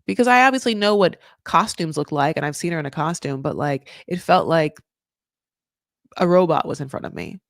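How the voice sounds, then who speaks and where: A woman casually recapping a reality show, chatty and animated, full of "like" and laughs. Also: low voice, fairly quick, no room sound, studio quality. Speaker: recap podcast host.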